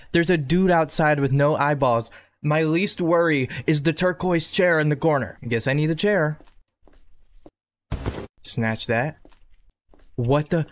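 Excitable man narrating a horror game. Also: a little high. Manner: excitable, talks back to the game, repeats himself. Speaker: gaming video creator. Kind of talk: horror game playthrough commentary. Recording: noticeable background noise.

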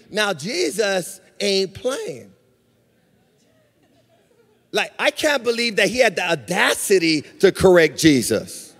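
A male pastor preaching a sermon in a sing-song cadence that swells into shouts, acting out quotes as he goes. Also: high voice, big pitch swings, takes it slowly, gravelly, long pauses. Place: church sanctuary. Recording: reverberant church hall.

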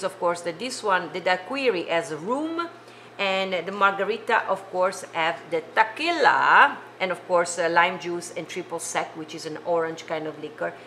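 A woman from Italy, a native Italian speaker, hosts a casual live cooking stream from her home kitchen, chatting and rambling with viewers. Her voice is mid-range and slightly bright, with a little background noise.

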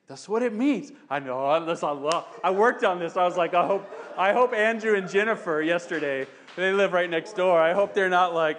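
A male pastor preaching a sermon in an animated way, acting out shouting crowds and dropping to quiet talk. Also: high voice, normal speed.

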